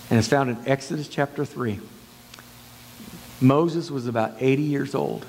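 A man preaching a sermon as pastor, retelling a story and acting out its dialogue with big swings in pitch. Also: a little mellow, slight background noise. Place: church sanctuary. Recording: long church hall reverb.

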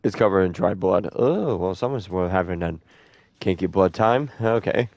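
A young man giving casual let's-play commentary, joking, swearing a lot and letting out sudden loud whoops. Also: sits low, normal speed, no room sound. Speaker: gameplay streamer.

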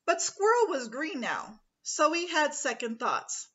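A woman, a preschool teacher, reading a picture book aloud to children in a slow, expressive way. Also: high-pitched, dull audio.

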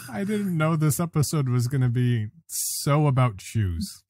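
A man's voice: medium pitch, sing-song, unhurried, background noise. A man co-hosting a podcast, telling a work story in a casual, riled-up way. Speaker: podcast co-host. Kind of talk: casual chat.

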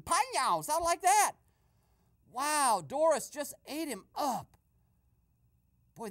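A woman voicing an excitable male radio host who eavesdrops and gives gossipy running commentary full of exclamations. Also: high-pitched. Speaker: host and narrator. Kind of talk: comedic radio sketch narration.

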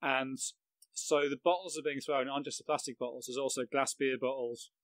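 This middle-aged Englishman guests on a podcast as a football journalist and recalls a match he covered, telling it vividly, mocking himself and laughing. He speaks fairly quickly in a steady, mid-range voice, and the audio is poor with no echo.

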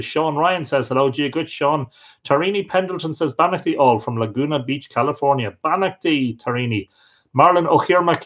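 An Irish man hosting a live stream, chatting casually as he reads out and answers viewer comments, with frequent hesitations. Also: mid-range voice. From Ireland. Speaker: livestream host.

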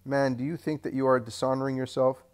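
A man's voice: medium pitch, level tone, quick pace, a little mellow, pitched above the performer's own voice, natural voice. A man doing a reproachful disciple. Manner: reproachful, questioning.

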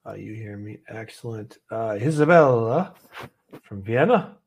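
A man's voice: on the low side, expressive, measured pace, vocal fry, a little mellow, breathy edge, lo-fi sound. A man from Canada hosting a casual trading livestream from an office, chatty and easygoing as he walks through charts. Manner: chatty, easygoing, laughs often.

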